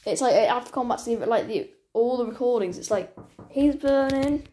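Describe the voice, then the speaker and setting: A woman chatting casually to her channel's viewers, rambling and halting with many restarts. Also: fairly high pitch, dark tone. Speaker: channel owner. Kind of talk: casual vlog chat.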